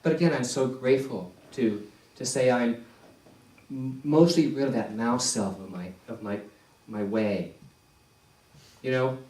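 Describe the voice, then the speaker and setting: A male minister preaching a sermon in a slow, deliberate way, repeating key phrases for emphasis. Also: medium pitch, a little mellow. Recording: echoey church hall, distant mic.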